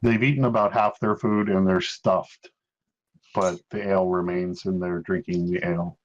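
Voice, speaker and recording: A man narrating as game master of a tabletop game, pausing often with fillers. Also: low voice, fairly even intonation, lo-fi sound. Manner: hesitant, many filler pauses.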